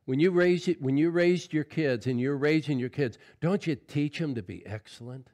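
A middle-aged man preaching a sermon as pastor, folksy and conversational, swinging from loud exclamations to quiet asides and often calling out "Amen?". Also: a little high, normal speed. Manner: folksy preaching with frequent "Amen?" call-outs.

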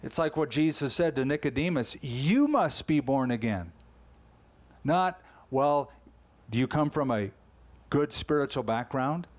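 A man's voice: mid-range voice, expressive, a little slow. Emphatic man preaching a sermon. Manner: emphatic, conversational preaching with rhetorical questions. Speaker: pastor.

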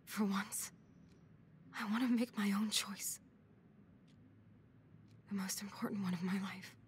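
A woman's voice: mid-range voice, steady tone, measured pace, slight background noise, close to an everyday voice. An actress voicing a rebellious teenage girl, now bedridden and fading, in a video game; she speaks weakly and breathily. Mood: pleading. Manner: weak, breathy, soft-spoken.

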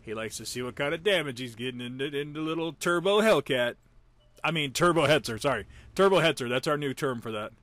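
An excitable man calls a friend's tank battle live, cheering hits and groaning at misses. His pitch leaps all over the place, and his tone is bright and forceful. He keeps teasing the player with playful asides. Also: brisk, no room sound. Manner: excitable, joking, reacting loudly to hits and misses. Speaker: gameplay commentator.

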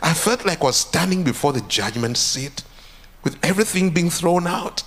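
A pastor giving an earnest testimony sermon, repeating phrases with rising intensity. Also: male voice, on the high side, moderate pace, fairly bright tone, slightly rough. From Uganda.

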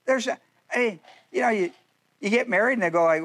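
A male pastor preaching a sermon in a folksy, joking way, full of quick asides and playful jabs at his listeners. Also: sits high, lively intonation, a bit bright.

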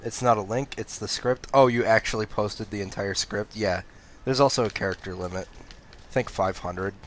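Young male streamer, laid-back and sleepy, lowish voice with a bright edge, swears casually while playing. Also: normal speed, slight background noise. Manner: laid-back, swears freely, answers chat. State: sleepy, phlegmy throat. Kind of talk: casual gaming stream chat.

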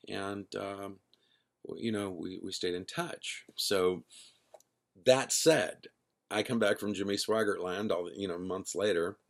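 A man's voice: sits low, unhurried, gravelly. A middle-aged man, a band's singer and founder, telling his story casually in a rambling way, correcting himself as he goes. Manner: rambling, self-correcting, acts out quoted dialogue.

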